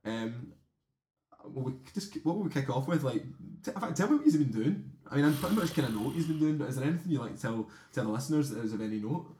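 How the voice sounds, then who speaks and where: A young man with a Scottish accent hosts a loose, casual podcast, talking in rambling runs that trip over themselves. His voice sits at a middle pitch. It is heard in a roomy, echoing space. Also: animated, fast talker, dark tone, slight background noise. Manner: rambling, self-interrupting, chatty. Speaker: podcast host. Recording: roomy echo.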